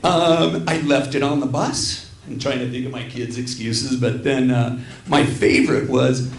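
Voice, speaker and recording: A man's voice: mid-range voice, steady tone, unhurried, slight background noise. A middle-aged man performing a stand-up set on a small theater stage, self-deprecating and rambling, often breaking off to apologize. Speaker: stand-up comedian. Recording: roomy live theater sound.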